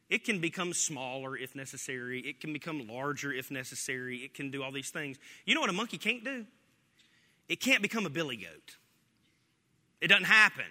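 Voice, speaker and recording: A pastor preaching an animated, joking sermon, often laughing as he talks. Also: medium pitch, big-room sound.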